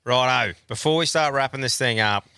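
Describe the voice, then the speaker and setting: A man's voice: mid-range voice, normal speed, pushed and bright, clear, resonant tone, dry recording, clean studio sound. An Australian man hosting a podcast, leading laid-back banter with his guest. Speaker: podcast host. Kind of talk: casual chat.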